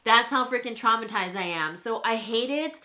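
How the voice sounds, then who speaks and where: Chatty young woman with a bright voice. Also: on the high side, moderate pace. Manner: chatty and animated, with lots of "like" fillers. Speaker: beauty vlogger. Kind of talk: casual storytelling while doing makeup.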